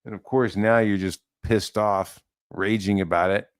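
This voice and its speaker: A man's voice: on the low side, steady tone, measured pace, smooth. A man delivering a profane, heated rant as an online commentator, swearing freely and mocking his target.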